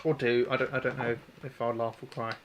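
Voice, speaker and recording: A man's voice: medium pitch, flat delivery, a little fast. Man in a casual tinker-and-chat livestream, rambling and self-mocking, mid-range voice, faint noise behind. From New Zealand. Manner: rambling, chatty, self-deprecating, answers chat. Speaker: airsoft tech livestream host. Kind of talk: casual livestream chat while working on a gun.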